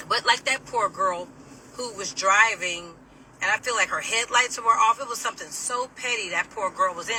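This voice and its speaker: A woman vents in an animated, indignant monologue, swearing freely as she drives. Her voice is piercing and forceful. She sits a little back from the phone, with a faint hum of the road underneath. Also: medium pitch. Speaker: vlogger. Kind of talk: casual venting monologue. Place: in a moving car. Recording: distant mic, faint road noise.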